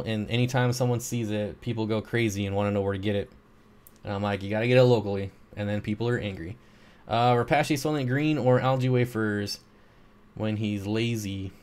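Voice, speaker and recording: A man's voice: fairly low pitch, darkish tone. A man hosting a casual live stream, reading viewer questions aloud and answering them in a laid-back, rambling way. He is short on sleep. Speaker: livestream host answering chat. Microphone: streaming microphone.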